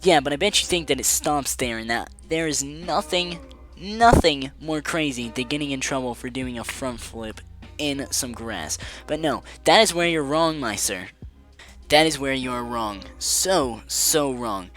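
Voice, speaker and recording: A man's voice: mid-range voice, expressive, a little slow, a bit bright, soft background music. Sarcastic young male storyteller. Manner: sarcastic, joking, cursing. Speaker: vlogger. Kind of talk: casual storytime.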